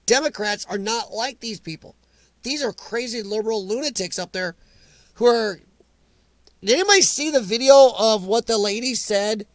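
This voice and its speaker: A man's voice: high-pitched, moderate pace, no echo. An American man hosting a live chat, rambling and emphatic as he answers viewers by name. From United States. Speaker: livestream chat host. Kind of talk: casual opinionated live chat.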